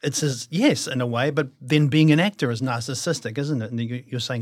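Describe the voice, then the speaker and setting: A man's voice: mid-range voice, fairly quick, hardly any pauses. Reflective middle-aged New Zealand man. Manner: reflective, self-deprecating, many restarts. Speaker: actor guest. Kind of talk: casual interview chat.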